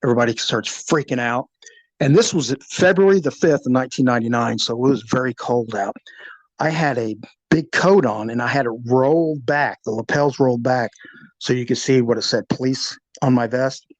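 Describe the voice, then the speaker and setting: Middle-aged ex-cop guy telling a story, lively, acts out the sounds, dry mic. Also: medium pitch, normal speed, dry recording, low-quality recording. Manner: animated, vivid storyteller who acts out sounds. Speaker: retired police officer recounting a shooting. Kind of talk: storytelling in an interview.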